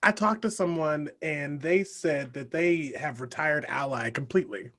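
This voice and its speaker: A man's voice: a little high, a little slow, fairly bright tone. A man hosting a podcast interview, chatting casually and animatedly, with lots of filler words. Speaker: podcast host.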